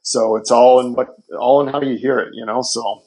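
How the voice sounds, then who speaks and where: A man, a guest music producer, telling lively studio anecdotes in a casual podcast interview. He acts out quoted dialogue and swears freely. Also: medium pitch, moderate pace, rough recording.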